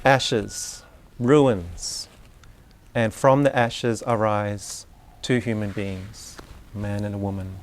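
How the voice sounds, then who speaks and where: A man giving a live lecture on education, talking in a conversational, unhurried way with asides and questions put to the audience. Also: on the low side, fairly even intonation, slight background noise.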